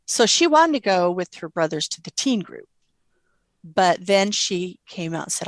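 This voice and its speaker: A middle-aged woman, a guest mother, telling gentle stories about her daughter in an interview. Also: fairly low pitch, a little slow, no room sound. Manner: tender, animated quoting of her child. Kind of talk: storytelling interview.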